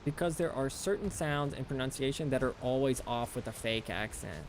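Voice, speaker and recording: A man's voice: medium pitch, expressive, normal speed, slight background noise. An American man chatting casually with his stream chat while playing a game, rambling and talking things through as he goes. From United States.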